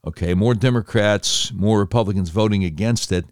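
A man's voice: lowish voice, moderate pace, few pauses, a little mellow, no room sound, studio quality. A man commenting on politics, reading through a list with indignant, sarcastic remarks.

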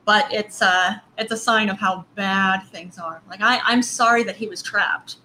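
Woman podcast co-host, bright higher voice, rambling casual news chat, faint background hiss. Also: fairly even intonation, moderate pace, rough recording. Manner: rambling, self-correcting news recap.

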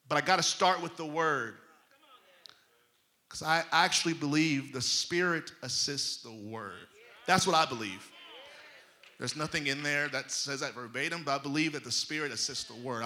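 A man's voice: a little high, bright, forceful tone. A man preaching a sermon, emphatic and conversational, with a folksy manner of speaking to his congregation. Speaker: pastor.

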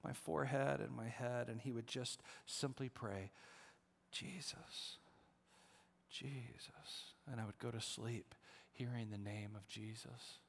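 A middle-aged man preaching a sermon as pastor, moving between hushed, prayerful near-whispers and lively storytelling. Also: medium pitch, normal speed, creaky. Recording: long hall reverb.

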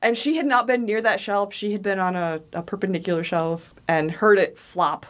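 A woman's voice: mid-range voice, fairly even intonation, normal speed. A woman co-hosting a casual chat, telling stories with frequent laughs and acted-out quotes. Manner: laughs often, acts out quoted voices. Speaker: podcast co-host telling ghost stories.

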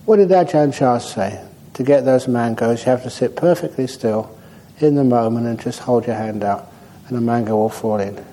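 Mellow-voiced monk giving a dharma talk. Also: male voice, medium pitch, normal speed, a little hiss or hum, low-quality recording. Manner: relaxed, humorous storytelling. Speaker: Buddhist monk and meditation teacher. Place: meditation hall.

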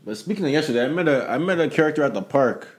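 A man talking quickly in a casual chat. He tells his stories with energy and acts out the voices of the people in them. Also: on the high side. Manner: animated storyteller, acts out quoted people.

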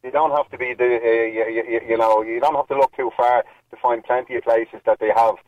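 A man's voice: medium pitch, steady tone, brisk, no echo. A man with a Dublin Irish accent calling into a radio show, speaking earnestly and hesitantly, often repeating words. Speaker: radio caller. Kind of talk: phone-in call. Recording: tinny phone line.

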